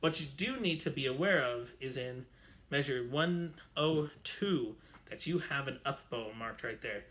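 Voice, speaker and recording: A man's voice: medium pitch, lively intonation, unhurried, a bit bright. A man teaching an online string orchestra lesson, chatty and explanatory, correcting himself as he goes. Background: violin playing.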